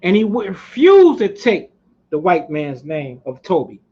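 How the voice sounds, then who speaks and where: A man in a fiery, preaching motivational speech, with a high, ringing voice and a blunt, profane edge. The recording is dull and lo-fi, with little top end. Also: huge pitch swings, a little slow, darkish tone. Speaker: speaker at a community society. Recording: muffled lo-fi recording.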